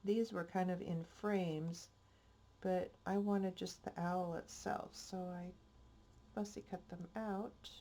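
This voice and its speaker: This older crafting-channel host chats slowly in a loose, homespun style, sounding a little congested. Her pitch is on the low side, her tone steady and dark.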